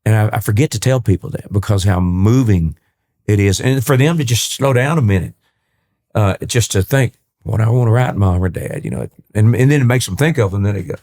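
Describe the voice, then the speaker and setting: Speaking in a mellow, lowish voice, a Texan-accented man in his sixties from East Texas tells folksy tales as a podcast guest. The country singer is animated and fairly quick, and he tends to repeat his words.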